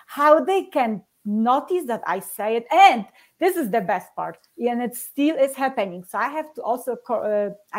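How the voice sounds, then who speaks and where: A woman from Poland with a Polish accent, a podcast guest telling stories in an animated way and laughing often. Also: medium pitch. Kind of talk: podcast interview.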